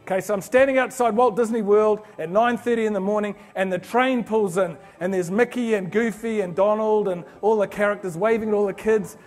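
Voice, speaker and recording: This is a high-pitched man speaking at a business conference. He delivers a motivational keynote in an animated storytelling way. He keeps slipping into little acted-out scenes to make his point. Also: brisk, hardly any pauses, soft background music. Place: conference hall.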